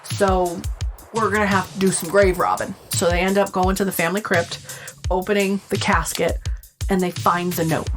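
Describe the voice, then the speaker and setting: A woman's voice: fairly low pitch, little pitch movement, moderate pace, soft background music. A woman co-hosting a podcast, casually recapping a movie and acting out the characters' lines, swearing freely. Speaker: podcast co-host. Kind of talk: casual chat, film recap.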